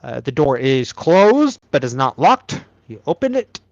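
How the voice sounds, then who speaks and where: A man's voice: medium pitch, sing-song, measured pace, no room sound, dull audio. A man narrating a tabletop game as game master, describing scenes with fillers like "uh".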